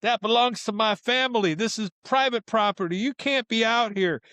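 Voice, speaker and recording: A man's voice: very high voice, moderate pace, dry recording, pitched above the performer's own voice. A man voicing an angry older woman who guards her family's land and scolds trespassers. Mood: furious. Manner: scolding, shouting.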